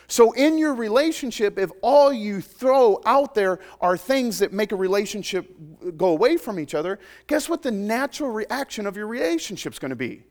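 A man delivering a sermon in a somewhat high voice. He keeps it conversational and jokes with the people in front of him. He swings between loud, emphatic declarations and soft, near-intimate asides. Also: lively intonation, normal speed, few pauses. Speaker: pastor.

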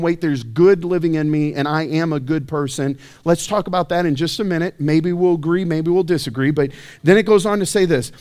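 A man's voice: a little high, a little mellow. A man preaching a sermon in a church, talking conversationally with rhetorical questions and self-deprecating asides. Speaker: pastor.

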